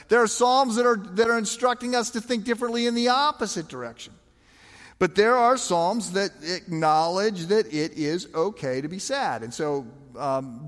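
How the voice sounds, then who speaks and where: A man's voice: high-pitched, a bit bright, long reverb tail. A man preaching a sermon as a pastor, talking conversationally with emphatic rhetorical questions.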